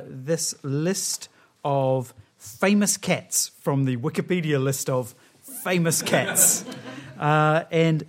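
A man hosting a comedy panel show, explaining rounds loosely with many fillers and halting restarts. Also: a little high. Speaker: quiz show host.

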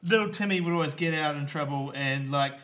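A man's voice: fairly high pitch, a little fast, a bit bright. A man who is a comedy panellist, telling a rambling story with fillers. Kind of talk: comic storytelling.

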